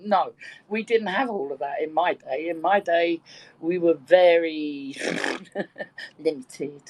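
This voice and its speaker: A woman's voice: deep voice, slow, long pauses, a little mellow, poor audio. A woman in her sixties from Birkenhead with a London-tinged English accent, chatting casually and telling bawdy stories with easy laughter. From Birkenhead, England. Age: 60s. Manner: bawdy, chatty storyteller who laughs easily. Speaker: participant in a live audio chat room. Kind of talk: casual chat.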